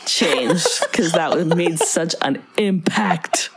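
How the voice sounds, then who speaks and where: A young woman co-hosting a casual movie podcast, animated and quick to slip into exaggerated quoted voices. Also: lowish voice, over a noisy crowd. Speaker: podcast co-host.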